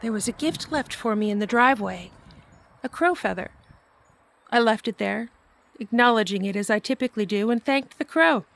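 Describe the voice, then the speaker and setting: A middle-aged woman hosting her own channel, telling a personal story softly and reflectively, laughing now and then. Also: a little high, normal speed, vocal fry. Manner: soft, reflective, laughs often. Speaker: vlog host and storyteller. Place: at home near a barn.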